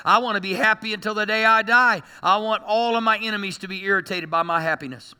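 High, very bright-voiced male preacher. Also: fast, clean tone, big-room sound. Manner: animated preaching with joking asides. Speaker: pastor. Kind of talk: sermon.

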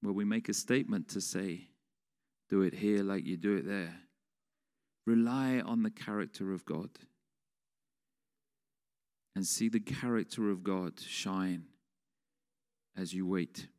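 A man's voice: sits low, slow pace, long pauses, a little mellow. A man preaching a sermon in a conversational way, putting questions to the congregation. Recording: long reverb of a large hall.

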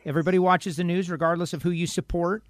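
A man with a somewhat high voice pours out an emphatic, rambling rant on talk radio, stacking his points and acting out other people's words. He sounds emotional and upset. The sound is close and dry. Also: fairly even intonation, fast talker, no echo. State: emotional, upset by bad news. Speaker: radio talk show guest. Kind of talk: impassioned opinion rant.

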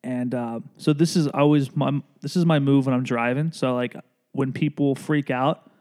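A man's voice: medium pitch, normal speed. A man co-hosting a casual podcast chat, telling funny stories and acting out the people in them. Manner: animated storyteller, acts out drivers and friends. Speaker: podcast co-host.

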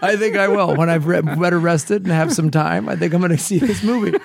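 A man's voice: high-pitched, brisk, gravelly. A man co-hosting a film podcast, talking bluntly and emphatically and cursing freely. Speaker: podcast co-host. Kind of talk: casual film chat.

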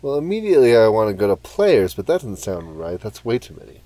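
A man in his forties answering quiz questions in casual chat, joking and animated. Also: fairly low pitch, fast, dry recording. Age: 40s. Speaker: quiz contestant.

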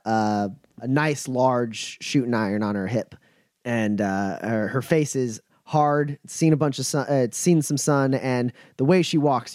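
A man serving as game master, narrating a tabletop game in a relaxed way full of fillers. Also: medium pitch, smooth, dry recording, clean studio sound.

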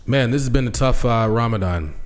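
A man's voice: medium pitch, brisk. A man hosting a podcast, chatting casually and jokingly, rambling with lots of fillers. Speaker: podcast host.

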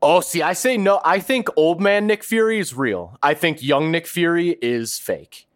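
A fairly high-pitched man co-hosts a podcast in a laid-back way. He gropes for words, restarts his sentences, and fills pauses as he works through his ideas. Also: animated. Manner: hesitant, lots of ums and restarts, laid-back. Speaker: podcast co-host. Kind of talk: casual chat.

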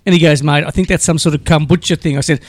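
Brief: male podcast host, upbeat storyteller, high pitch, dry mic. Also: fairly even intonation, fast talker, dry recording. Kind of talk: casual chat.

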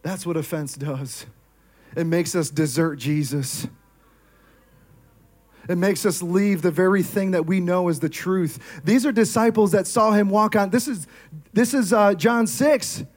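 A male pastor preaching a sermon, energetic and often firing questions at the congregation. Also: high-pitched, measured pace. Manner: energetic, asks the crowd questions.

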